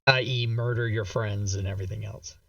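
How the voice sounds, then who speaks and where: A man's voice: lowish voice, fairly even intonation, fairly quick, gravelly, sharp tone, distant mic, muffled recording. A man hosting a streamed tabletop game, chatting and teasing his friends. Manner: laughing, teasing. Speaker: stream host and player. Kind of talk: casual tabletop game chat.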